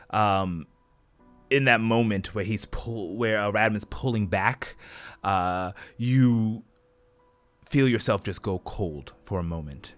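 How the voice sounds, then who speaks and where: A man as game master, narrating a tabletop game dramatically with halting fillers. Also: on the low side, fairly bright tone, faint music behind.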